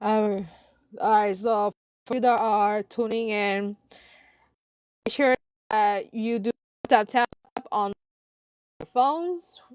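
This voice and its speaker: Slow-talking giggly woman streamer. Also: medium pitch, a little mellow, smooth, no echo, poor audio. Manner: giggly, breaks into frequent laughter. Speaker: live-stream host reading online posts. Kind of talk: casual reading with live commentary.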